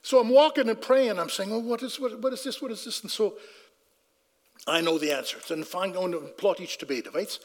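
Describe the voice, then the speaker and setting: A man's voice: high voice, fairly quick, in a large hall. A man telling a personal faith story in a conversational way, acting out his own dialogue and restarting sentences. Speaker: speaker giving a personal testimony.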